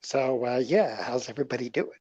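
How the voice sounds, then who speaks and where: A man's voice: mid-range voice, brisk, darkish tone, husky, dull audio. A man chatting casually on an online call, joking and rambling as he searches for words. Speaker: guest caller. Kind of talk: casual chat.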